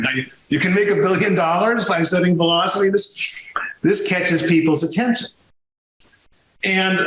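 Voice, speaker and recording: A man being interviewed on a podcast, telling stories in a lively conversational way and jumping high in pitch when he makes a point. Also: slight background noise. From Sicilian heritage. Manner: animated storytelling, swings into high pitch when emphatic. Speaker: podcast guest, music historian. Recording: roomy echo.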